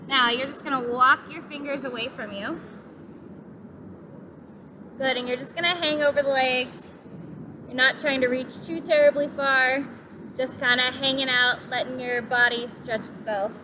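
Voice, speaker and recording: High-voiced woman leading a yoga class. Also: noisy background. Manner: gentle, encouraging, cueing breaths. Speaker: yoga instructor. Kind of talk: guided yoga class instruction. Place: outdoors in a park.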